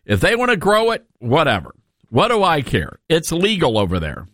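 A man's voice: a little high, huge pitch swings, normal speed, a bit bright, no room sound, clean studio sound. A male radio host giving a sarcastic, emphatic talk radio monologue, with frequent asides to his listeners.

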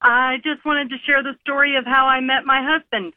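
A woman's voice: high voice, little pitch movement, fairly quick, dry recording. A woman in her fifties calling into a radio show and telling a story in a plain manner. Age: 50s. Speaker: caller. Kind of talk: phone-in call. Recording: tinny phone line.

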